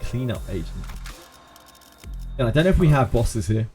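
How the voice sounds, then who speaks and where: A man's voice: mid-range voice, very animated, normal speed, a little mellow, soft background music. Male streamer, West Country accent, loose and chatty, laughs a lot, mid-range voice. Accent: West Country English. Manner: chatty, joking, laughs often. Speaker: game streamer. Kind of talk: casual live-stream commentary.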